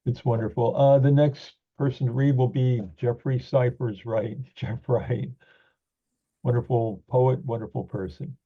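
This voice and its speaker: A man hosting a poetry reading over a video call, introducing the next poet with quick praise. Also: mid-range voice, fairly even intonation. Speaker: host. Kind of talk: introducing readers. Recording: husky, tinny phone-like call audio.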